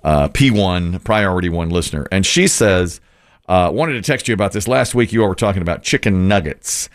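A man's voice: low-pitched, a little fast. A middle-aged man hosting a radio show, chatting and laughing often as he tells stories. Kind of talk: casual morning radio banter.

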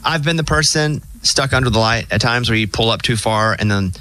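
A man's voice: medium pitch, a little fast, bright, forceful tone, slight background noise. A man hosting a radio show in casual, teasing banter, acting out little voices in his stories.

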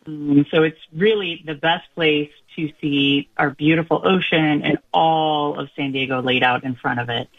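A woman's voice: deep voice, fairly even intonation, moderate pace, few pauses. Female radio guest, cheerful and upbeat, heard over a tinny phone line. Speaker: radio interview guest, nonprofit director. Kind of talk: radio interview.

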